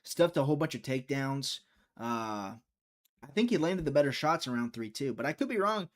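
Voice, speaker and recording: A man's voice: mid-range voice, lively intonation, brisk. A young man hosting a live fight-watching stream, chatty and teasing, reading viewer chat aloud.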